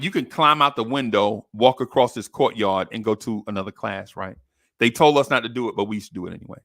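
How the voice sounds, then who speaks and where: A man's voice: dry recording, studio quality. A man, a podcast host casually telling a personal story, acting out the voices of the people in it. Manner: animated, acts out quoted voices with high pitch jumps.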